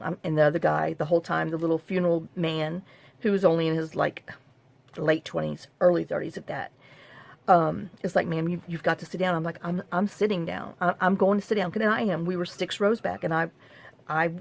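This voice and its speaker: This is a woman, talking straight to the camera in a casual, wandering way. Her voice sits low and has a rough, gravelly edge. She keeps cutting herself off and adding dry, half-joking asides. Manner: rambling, self-interrupting, half-joking. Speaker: craft vlogger.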